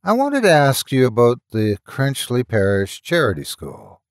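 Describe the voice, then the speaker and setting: Male narrator lightly doing a courteous young woman, loud and precise, dry close sound. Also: medium pitch, huge pitch swings, a little slow, dry recording. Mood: careful. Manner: polite, raising her voice to be heard. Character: polite young woman investigator. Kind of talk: storytelling narration.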